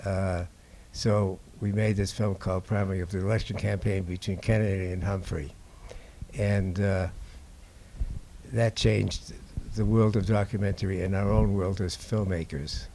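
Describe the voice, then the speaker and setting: An older man from Boston speaks to a gathered audience in a low, mellow voice. His telling is halting and unhurried, full of small pauses as he recalls his work as a filmmaker. A faint hum of the room sits behind him. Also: steady tone. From Boston, USA. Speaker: documentary filmmaker. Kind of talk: anecdotal talk to an audience. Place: indoor screening before an audience.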